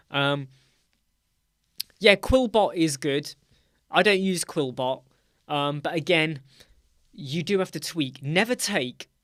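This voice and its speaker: A man's voice: a little high, a bit bright, no room sound, studio quality. A middle-aged man with a British accent hosting a casual live chat, talking to viewers by name in a chatty, teasing way. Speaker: livestream host.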